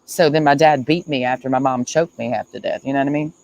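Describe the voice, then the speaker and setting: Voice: medium pitch, fast, creaky, darkish tone, slight background noise, rough recording. A streamer talking in a casual livestream monologue, earnest and repetitive, speaking emphatically and confessionally.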